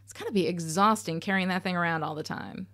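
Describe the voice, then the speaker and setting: A woman's voice: on the low side, quick pace, a bit bright. A woman hosting a podcast, giving candid, sarcastic commentary on a TV episode, swearing casually. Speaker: podcast host.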